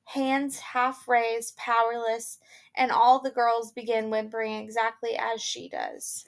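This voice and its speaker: A woman teacher talks students through a play in a casual, chatty way. Her voice sits a bit high with a noticeable gravelly fry. She recaps the scene loosely, with plenty of conversational fillers. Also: very animated, measured pace. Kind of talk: explaining a play between readings.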